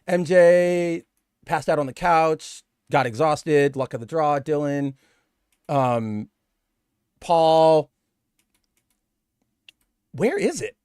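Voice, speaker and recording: A man's voice: a little high, animated, extremely slow, pauses often, darkish tone, smooth, dry recording, studio quality. A young man co-hosting a casual comic book podcast, talking in long rambling stretches and acting out characters' lines. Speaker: podcast co-host.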